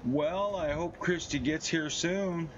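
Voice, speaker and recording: Male live streamer, slightly high voice, swaggering profane talk, faint noise behind. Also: takes it slowly, muffled recording. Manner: profane, boastful storytelling. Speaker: game streamer. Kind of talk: casual live-stream chat.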